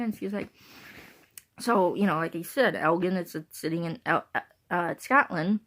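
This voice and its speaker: A woman's voice: on the low side, a little fast, fairly bright tone. Chatty, rambling woman vlogger. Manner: rambling, repeats herself, laughs between thoughts. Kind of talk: casual rambling chat to viewers.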